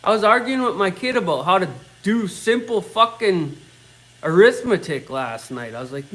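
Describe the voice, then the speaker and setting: With a rough recording capturing him, a middle-aged man in his workshop swears constantly as he rants bluntly in casual talk. His voice sits on the high side, a bit bright, with lively intonation at a normal speed.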